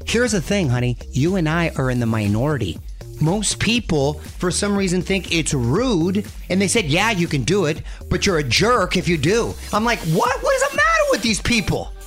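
A middle-aged man hosting a radio show, chatting casually and playfully with his co-host, often jumping to high exclaims. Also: lively intonation, moderate pace, soft background music.

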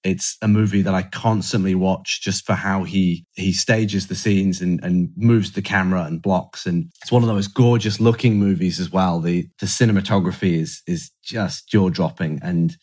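A man's voice: deep voice, steady tone, normal speed, few pauses, darkish tone. A film director guest on a podcast, chatting enthusiastically and repeating words as he gathers his thoughts. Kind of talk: casual interview chat.

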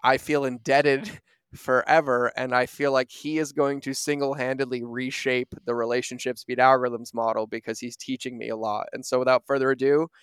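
A male podcast host with a smooth, resonant voice pours out effusive praise and casual, filler-laden questions. His pitch sits mid-range, and the sound is dry and close. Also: level tone, normal speed, fairly bright tone, dry recording. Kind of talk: casual conversation.

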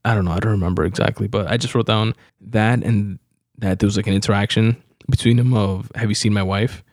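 A man's voice: on the low side, steady tone, fairly quick, a little mellow, no room sound, clean studio sound. A young man hosting a podcast, rambling casually about a comedy special, laughing and swearing freely. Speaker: podcast host. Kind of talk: casual solo podcast review.

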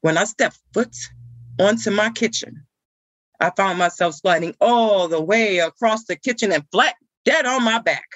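A woman's voice: mid-range voice, a little slow, fairly bright tone, no echo, dull audio. A woman performing a comic monologue as a frazzled woman stuck watching a wild puppy, telling it with indignant exclamations. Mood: exasperated.

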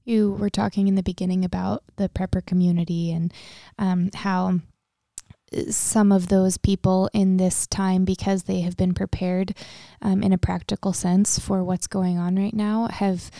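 A woman's voice: mid-range voice, level tone, a little slow, creaky, warm tone, no echo, clean studio sound. A young woman co-hosting a casual faith conversation, talking earnestly with many fillers, turning tearful as she speaks. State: tearful, emotional.

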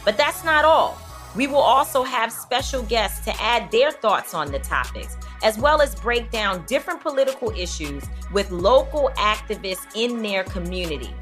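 A woman hosting an upbeat podcast promo, energetic in her delivery. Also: on the high side, moderate pace. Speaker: promo host. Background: faint music.

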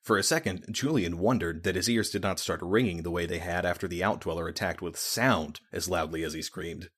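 A man narrating a fantasy audiobook in a steady, measured reading voice. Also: sits low, slightly rough.

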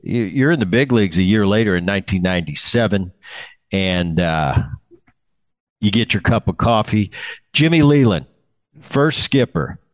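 A man in his fifties with a low-pitched voice hosts a casual podcast chat. He tells old playing stories in a loose, rambling way. He repeats himself and leans on fillers as he talks. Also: lively intonation, normal speed, long pauses. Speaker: podcast host, former ballplayer.

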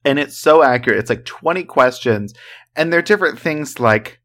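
A man's voice: mid-range voice, expressive, moderate pace, a bit bright. Rambling man, chatty podcast co-host. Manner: joking, rambling, full of "like" fillers. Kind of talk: casual true-crime chat.

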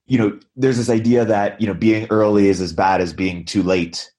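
Deep-voiced man asking halting questions. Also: fairly even intonation, dark tone. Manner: halting questions with many restarts. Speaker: interviewer. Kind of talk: conversational interview.

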